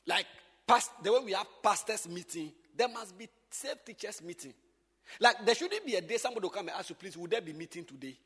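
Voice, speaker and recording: A man's voice: high voice, fairly quick, breathy edge, long reverb tail. A man, teaching church workers in an emphatic, repetitive way. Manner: animated, emphatic, repeats points.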